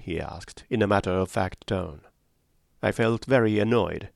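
A man narrating a story for an audiobook in a measured, steady way. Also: deep voice, gravelly, dry recording, clean studio sound.

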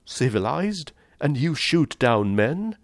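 A man voicing an earnest young hunter who protests in shock and indignation, pitched well above his own voice. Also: sing-song, moderate pace, darkish tone, dry recording, studio quality. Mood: indignant.

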